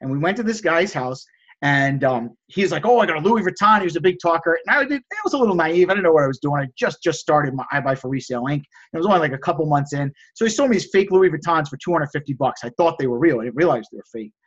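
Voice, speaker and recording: Fast, high-pitched motivational man. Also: lo-fi sound. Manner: energetic, repeats key phrases for emphasis. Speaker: sales and reselling coach. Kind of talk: casual motivational group talk.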